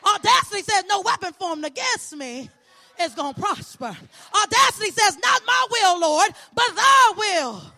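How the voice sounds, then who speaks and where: A woman preaching an impassioned sermon, building repeated lines into ringing shouts. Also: extremely high pitch, expressive, a little slow, gravelly. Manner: rhythmic repetition, building to shouts.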